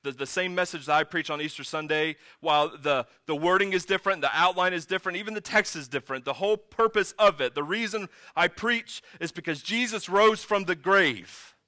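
A bright, high-pitched male pastor delivering a sermon in a conversational, storytelling way. He jumps into emphatic bursts, and his voice sits close and dry on the mic. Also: brisk, few pauses, no room sound. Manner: conversational, animated storytelling with sudden emphatic rises.

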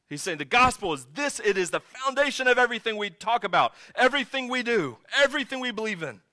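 Male pastor, sermon delivery, light high voice, chatty then emphatic, dry close sound. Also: fast talker, hardly any pauses, dry recording. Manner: conversational, animated storytelling with sudden emphatic rises.

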